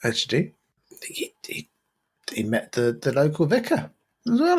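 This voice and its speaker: A man's voice: on the high side, huge pitch swings, a little slow, long pauses, slightly rough. A man co-hosting a podcast, telling a long joke in a casual, rambling way with many fillers and restarts. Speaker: podcast co-host.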